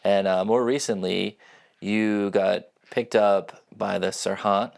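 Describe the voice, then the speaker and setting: A man hosts a podcast in a casual, chatty way, his voice deep and full of gravelly fry. He often trails off mid-thought while asking his guest questions. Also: steady tone, takes it slowly. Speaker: podcast host.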